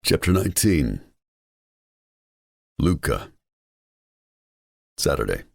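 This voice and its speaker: Very deep-voiced man, brooding narration. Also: big pitch swings, takes it slowly, gravelly, no room sound, studio quality. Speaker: audiobook narrator. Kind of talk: first-person romance narration.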